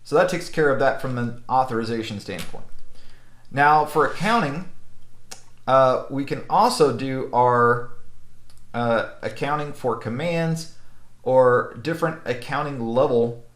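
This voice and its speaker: A man's voice: medium pitch, measured pace, fairly bright tone, roomy sound. A man giving a casual screen-recorded technical tutorial, often checking in with "okay?" and "right?". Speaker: network instructor.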